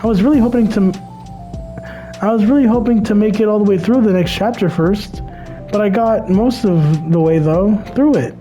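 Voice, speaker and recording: A man's voice: sits high, moderate pace, mellow, soft background music, pitched above the performer's own voice, close to an everyday voice, poor audio. A man voicing a cheerful, eager teenage girl from a game, speaking in a bubbly, pleading way.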